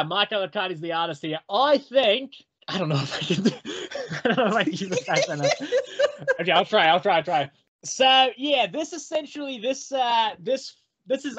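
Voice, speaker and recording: Man doing a slipping mock Australian accent, casual comic chat, higher voice, dull crackly recording. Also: fairly bright tone. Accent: put-on Australian, slipping in and out. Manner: laughing at himself, loose, swearing. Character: man putting on a wavering mock Australian bloke. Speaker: podcast co-host. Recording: muffled crackly mic.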